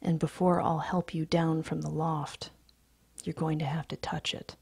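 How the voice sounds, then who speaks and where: A woman reading the lines of an impatient, bossy older boy in a low, curt voice. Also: flat delivery, a little slow, creaky, darkish tone, breathy edge, no room sound, studio quality, full character voice. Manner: curt and demanding.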